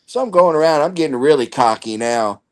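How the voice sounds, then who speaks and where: Rambling storyteller man, a bit high. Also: expressive, a little fast, a little mellow. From Maryland. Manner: rambling, laughs often. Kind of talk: casual storytelling chat.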